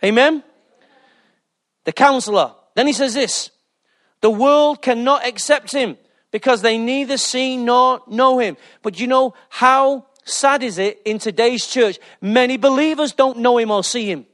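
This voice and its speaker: A male pastor preaching a lively sermon, calling out to the congregation for responses. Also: very high voice, measured pace. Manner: exuberant, calls for responses with "Amen".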